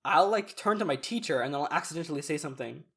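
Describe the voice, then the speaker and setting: A young man talking in a relaxed podcast chat with a slightly raised pitch. He explains things earnestly and stops to work through examples. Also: fast, husky. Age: young adult. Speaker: podcast co-host. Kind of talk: casual chat.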